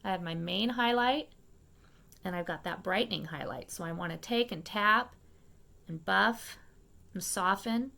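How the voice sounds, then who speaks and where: A woman hosting a makeup tutorial, talking viewers through each step in a chatty, fast-paced way and often checking in with them. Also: mid-range voice, creaky, bright, forceful tone. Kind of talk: casual step-by-step makeup demonstration.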